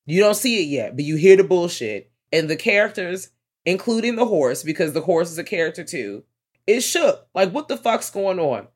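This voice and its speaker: Excitable, profane podcast co-host. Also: mid-range voice, normal speed, slightly rough. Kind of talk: casual movie review chat.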